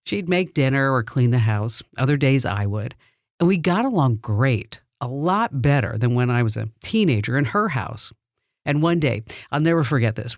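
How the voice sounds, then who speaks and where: Middle-aged woman, podcast host, chatty personal storytelling, lively up-and-down voice, dry close sound. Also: very deep voice, dry recording. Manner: animated, chatty storyteller who laughs between lines.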